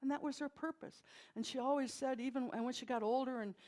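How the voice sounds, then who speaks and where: An older woman minister delivers a sermon in a notably high voice. She talks in a folksy, storytelling way and slips in dry, wry humor. She is from Milwaukee and preaches in a church. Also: steady tone, quick pace, a little mellow. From Milwaukee, USA.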